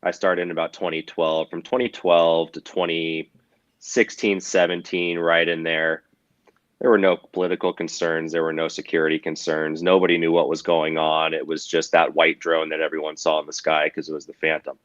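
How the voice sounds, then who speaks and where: A man's voice: rumbling low, level tone, moderate pace, a bit bright, no echo, highs cut off. A man with a cold and a nasal, congested voice, chatting casually as a podcast guest over a remote line. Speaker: podcast guest, drone company employee. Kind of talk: casual conversation.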